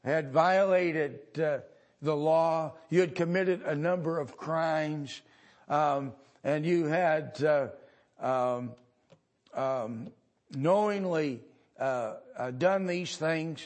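A man from the United States delivering a sermon at an unhurried, deliberate pace. His voice sits fairly high for a man, and his speech is halting, full of pauses and filler sounds before he pushes into louder, emphatic lines. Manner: builds to louder emphatic passages. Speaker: pastor.

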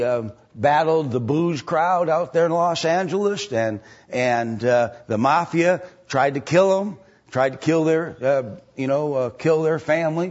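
Husky rambling male preacher. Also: a little high, darkish tone, lo-fi sound. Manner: rambling with many fillers and restarts. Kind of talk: storytelling sermon.

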